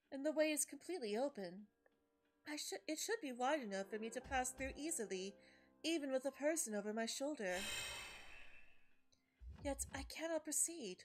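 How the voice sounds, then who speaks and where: A woman's voice: high-pitched, darkish tone. A woman streamer reading a game's story text aloud, stumbling and correcting herself, with asides. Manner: reads story text with frequent slips and self-corrections. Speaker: let's play streamer.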